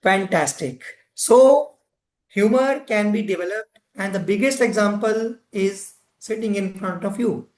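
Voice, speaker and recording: A man's voice: high voice, measured pace. A man leading an interactive workshop session, chatting and putting questions to his audience. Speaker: presenter of a club education session.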